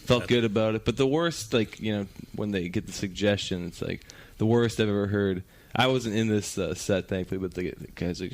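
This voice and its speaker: A man on a comedy podcast, telling stories with lively acted-out quotes. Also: fairly low pitch, brisk, hardly any pauses. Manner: animated storytelling, acts out quotes. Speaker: comedian guest. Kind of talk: casual chat.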